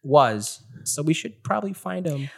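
A game master with a very lively voice narrates a tabletop game. The pitch swings widely as the voice jumps from plain narration into one character after another. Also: creaky, slightly rough. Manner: quick voice switches between narration and characters.

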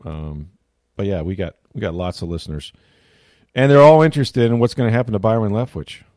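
A man's voice: lowish voice, fairly quick, darkish tone, dry recording, studio quality. A middle-aged man hosting a sports talk show, telling a story in a casual, rambling way and interrupting himself often. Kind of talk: casual chat.

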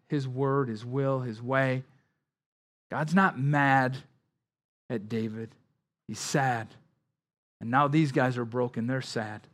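A man pastor preaching a Bible-study sermon in a conversational way, dropping quiet on somber lines and rising on emphasis. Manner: conversational preaching, with frequent "like" and "right?" asides and repeated words; drops his voice low and quiet on somber lines, rises louder on emphasis.

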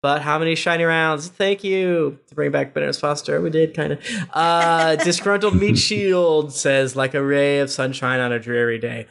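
A man with a fairly high voice reads listener reviews aloud on a podcast. His delivery is casual and relaxed, with small joking asides between the quotes. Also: normal speed, vocal fry. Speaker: podcast host.

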